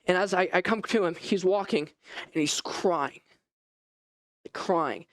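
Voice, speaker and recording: A man's voice: high-pitched, slow, no room sound, studio quality. Man telling a dramatic first-person sermon. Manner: animated storytelling, voice rising and falling. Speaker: preacher.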